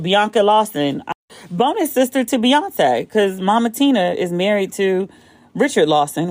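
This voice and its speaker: A woman hosts a podcast alone, talking at an easy middle pitch. She is candid and profane and gets worked up and laughs easily. Her phone recording sounds dry and close, with no room echo. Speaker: podcast host. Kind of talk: casual solo commentary.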